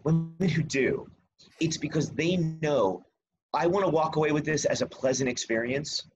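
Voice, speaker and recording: A man's voice: fairly high pitch, normal speed, dull audio. Self-deprecating man telling a story. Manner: self-deprecating, animated storyteller acting out quotes. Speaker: podcast co-host. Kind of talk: casual chat, storytelling.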